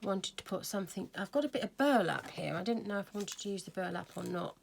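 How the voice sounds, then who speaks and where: A woman's voice: medium pitch, animated, fast talker, gravelly, a little hiss or hum. A woman hosting a casual crafting tutorial, chatting and thinking aloud as she works. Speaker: craft video host.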